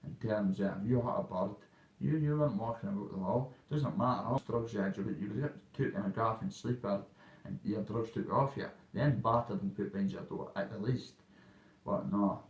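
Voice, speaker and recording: A man in his thirties from Scotland, with a Dundee accent and a lowish voice, delivers a blunt, fairly quick vlog monologue packed with local slang. His casual talk rambles, and the recording sounds roomy and off-mic, with the highs cut off.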